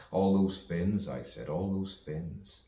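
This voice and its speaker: This man's voice sits low and sounds dark as he riffs, poet-style, through a meandering rhyming monologue, laughing softly between lines. He's picked up from afar, with room echo and faint ambient sound.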